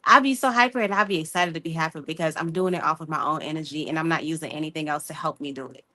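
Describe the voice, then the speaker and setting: Lively, slangy woman with a bright voice. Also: sits low, very fast. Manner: animated, talkative, slangy storytelling. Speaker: podcast guest. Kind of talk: casual group chat.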